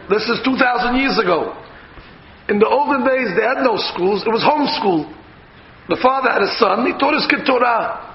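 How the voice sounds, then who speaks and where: A rabbi, telling a lively story in a Torah lesson and acting out the voices of the people in it. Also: male voice, very high-pitched. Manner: animated storyteller acting out dialogue. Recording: echoey, dull room recording with faint noise.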